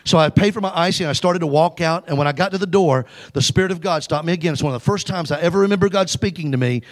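A man's voice: a little high, quick pace. A man preaching a sermon, telling a story with emphasis and calling on the congregation to answer back. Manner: exhorting the congregation to call back.

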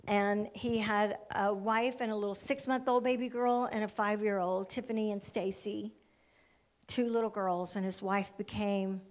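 A woman giving a missionary testimony as a sermon, telling her story with fervor and acting out the voices of the people in it. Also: mid-range voice.

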